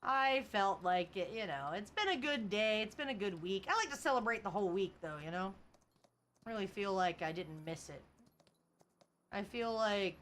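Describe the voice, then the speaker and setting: A woman's voice: medium pitch, lively intonation, normal speed, fairly bright tone, a little hiss or hum. A young woman chatting casually on a livestream, laughing often and reading chat aloud. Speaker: streamer.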